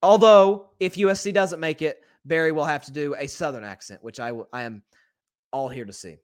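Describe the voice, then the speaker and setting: A man's voice: a little high, no room sound, clean studio sound. Opinionated male sports podcast host. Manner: opinionated and candid, talks straight to listeners as folks; conversational with quick self-corrections. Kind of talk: solo sports talk monologue.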